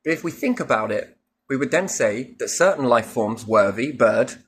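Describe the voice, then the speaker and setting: A man's voice: mid-range voice, lively intonation, normal speed, a bit bright, husky. A man rambling through a spiritual monologue, musing and asking himself questions, with casual swearing. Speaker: speaker musing on faith.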